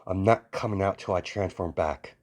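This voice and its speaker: Man playing a sullen young heroine, low and grumbling, defensive. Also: normal speed, darkish tone. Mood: stubborn. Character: sullen young woman hero, proud and self-conscious. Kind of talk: amateur story voicing.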